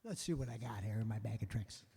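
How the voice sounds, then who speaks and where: A man's voice: fairly low pitch, fast, gravelly, slightly rough, big-room sound. An older man, a musician host, telling a rambling story casually, breaking off and voicing the people he quotes. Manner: rambling, self-interrupting, quotes others in lively voices.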